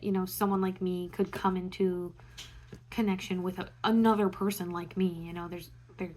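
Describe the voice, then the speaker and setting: Meandering woman musing aloud. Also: on the low side. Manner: meandering, many fillers like "um" and "you know". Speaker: astrology vlogger. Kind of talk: casual reflective monologue.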